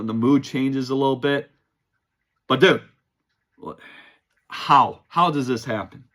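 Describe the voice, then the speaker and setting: Young man, sports show host, exasperated, rhetorical questions, bright forceful voice, fairly high. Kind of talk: casual sports commentary.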